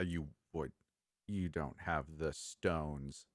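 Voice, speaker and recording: A man's voice: rumbling low, extremely slow, pushed and bright, no room sound, studio quality. A young man co-hosting a podcast, chatting casually and teasing his co-host. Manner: teasing, joking. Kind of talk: casual chat.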